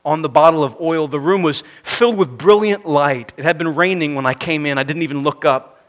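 A man delivering a sermon in a voice set a little higher than most. He reads a story aloud earnestly and lets his phrases sink to a hush at their ends. He then builds to emphatic, rising preaching. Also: fairly quick.

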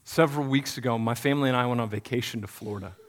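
A man in his thirties, a pastor, preaching a sermon in an earnest voice that builds to emphatic repetition and drops to quiet, soft lines. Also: medium pitch, racing.

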